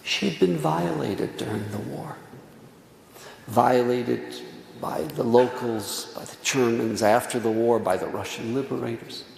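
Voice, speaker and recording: A man's voice: mid-range voice, a little slow, vocal fry, darkish tone. A middle-aged man, a rabbi giving a Tisha B'Av sermon, telling stories earnestly and repeating words for emphasis. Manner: earnest storytelling, repeats words for emphasis, drops to near whisper. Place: synagogue hall. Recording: echoey hall, faint room noise.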